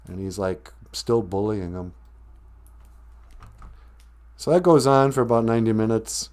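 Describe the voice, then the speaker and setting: A man's voice: on the low side, animated, moderate pace, a little mellow. A man hosting a live stream, retelling a film in a rambling, chatty way. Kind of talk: casual storytelling.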